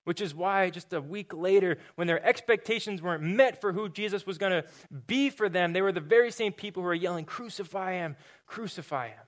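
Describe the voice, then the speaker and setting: Casual, fairly high-voiced male pastor. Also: fairly quick, few pauses. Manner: casual, repeats words, filler-heavy preaching. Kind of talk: sermon and closing prayer.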